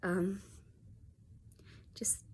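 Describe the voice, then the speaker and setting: A woman talking to camera in a personal vlog, soft-spoken and reflective, sometimes sinking to a whisper. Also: very slow, slight background noise. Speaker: vlogger.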